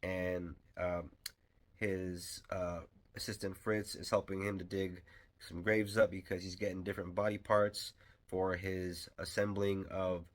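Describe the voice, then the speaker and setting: A man's voice: low-pitched, little pitch movement, measured pace. A man giving a casual spoken film review, rambling and enthusiastic, with lots of fillers and restarts. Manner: enthusiastic fan.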